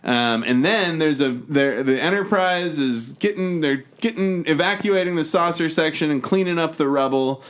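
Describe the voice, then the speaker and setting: A man co-hosting a podcast, recapping a movie in loose, profane chat with quick quoted impressions. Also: a little high, a bit bright. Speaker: podcast co-host. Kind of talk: casual chat.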